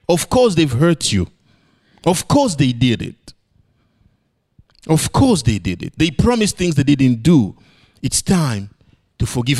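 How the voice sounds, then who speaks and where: A man preaching a sermon, playful and animated, swinging between high exclamations and low emphatic lines.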